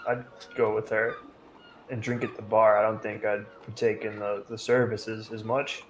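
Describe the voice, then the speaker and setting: A man's voice: on the low side, flat delivery, moderate pace, a little hiss or hum. A man playing a tabletop game, joking and laughing with the table. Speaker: player. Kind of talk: casual tabletop play.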